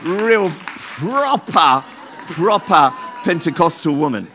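A man pastor, preaching fervently in church. His voice sits a little higher than most men's, and he leans on repeated calls of praise as he builds his sermon. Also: big pitch swings, takes it slowly, crowd noise, noisy background. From London, England.

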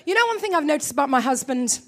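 A woman preaching a sermon, animated and emphatic, acting out her own quoted thoughts and asking the congregation questions. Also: high-pitched, fast, slight background noise.

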